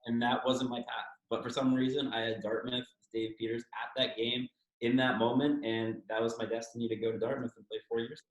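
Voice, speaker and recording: A man's voice: mid-range voice, flat delivery, brisk. A man from Toronto in his thirties, telling his story candidly as an interview guest, swearing freely and acting out what others said. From Toronto, Canada. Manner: candid, swears freely, acts out quoted speech. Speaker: guest, former hockey player. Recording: echoey room.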